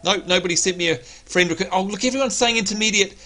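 A man's voice: high voice, quick pace, sharp tone. An Australian man hosting a gaming livestream, chatting playfully and teasing his viewers. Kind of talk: casual livestream chat.

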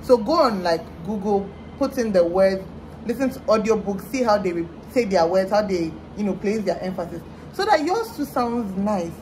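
A woman's voice: medium pitch, lively intonation, normal speed, darkish tone, slight background noise. A young woman, chatting animatedly on a vlog with a friend, exclaiming with mock exasperation. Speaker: vlogger. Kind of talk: casual chat.

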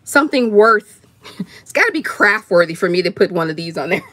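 A woman with excitedly unboxing gifts on a livestream, gushing, gasping and laughing often. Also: medium pitch, fairly quick. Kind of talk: excited live unboxing chat.

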